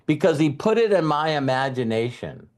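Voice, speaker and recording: A middle-aged man giving a motivational talk, retelling a conversation with halting repeats and emotion. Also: fairly high pitch, sing-song. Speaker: network marketing trainer.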